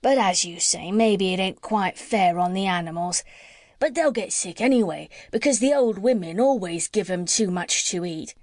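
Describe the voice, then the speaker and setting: A woman's voice: mid-range voice, expressive, normal speed, a little mellow, no room sound, studio quality, natural voice. A woman voicing a pushy working-class butcher in a storybook reading, wheedling and dropping letters.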